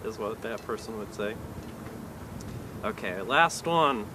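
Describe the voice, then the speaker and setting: A man doing a stand-up comedy set in an awkward, hesitant, deadpan way, with lots of fillers. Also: on the low side, slow, pauses often, background noise. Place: live comedy venue.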